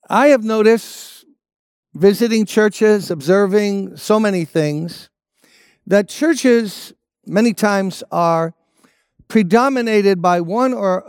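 A man's voice: sits high, expressive, slow pace, long pauses, a little mellow, clear, resonant tone, no room sound, clean studio sound. A man preaching a sermon as a pastor, emphatic and repeating his key phrases.

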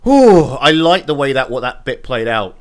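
A man's voice: medium pitch, sing-song, moderate pace. A man hosting a casual podcast, eagerly recapping a TV episode and chatting with his co-host.

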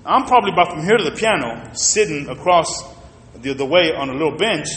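A man preaching a sermon, telling a personal story in an animated way and talking straight to the congregation. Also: a little high, brisk. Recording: reverberant hall.

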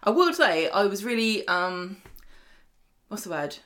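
A woman's voice: medium pitch, unhurried. Chatty woman recapping a soap. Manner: chatty, animated retelling with quoted voices. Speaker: podcast co-host. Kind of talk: casual chat recapping a soap.

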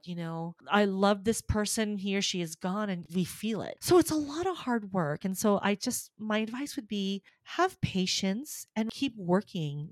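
Lively storytelling soprano woman, dry close mic. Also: medium pitch, no room sound. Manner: animated storytelling, acts out quotes, laughs often. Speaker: guest, soprano and voice teacher. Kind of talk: casual interview chat.

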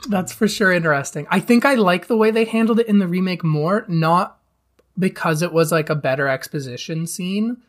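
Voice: mid-range voice, normal speed. A podcast co-host chatting casually about movies as an eager, self-described fan who laughs along.

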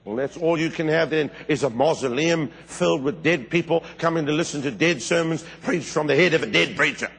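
A middle-aged male preacher delivering a fervent sermon, his voice set a little high and somewhat husky. He tells stories with sudden leaps upward in pitch and volume. The sound rings with the long reverb of a large church hall. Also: brisk, hardly any pauses, fairly bright tone.

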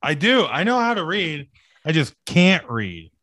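A man's voice: on the high side, sing-song, measured pace, sharp tone, no echo. A man co-hosting a podcast in casual chat, tossing out dry, joking one-liners. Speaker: podcast co-host.

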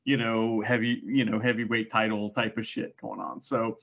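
A man co-hosting a casual podcast review, talking in an animated, jokey way with plenty of swearing. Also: lowish voice, normal speed, creaky, lo-fi sound. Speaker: podcast co-host. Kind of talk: casual wrestling review chat.

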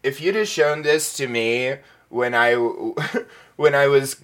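A man's voice: mid-range voice, takes it slowly, a bit bright. A man co-hosting a podcast in casual chat, hesitant with many fillers. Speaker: podcast co-host.

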